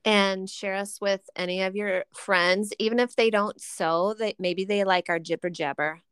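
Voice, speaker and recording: A middle-aged woman co-hosting a podcast in casual chat, animated and giggly, exclaiming with surprise. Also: mid-range voice, normal speed, clear, resonant tone, no room sound. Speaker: podcast co-host.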